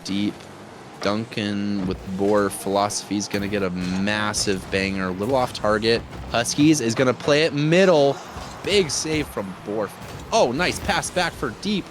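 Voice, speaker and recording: A man casting a live esports match as play-by-play commentator, jokey and excitable with loud bursts of enthusiasm. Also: fairly low pitch, a little slow, noisy background. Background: music.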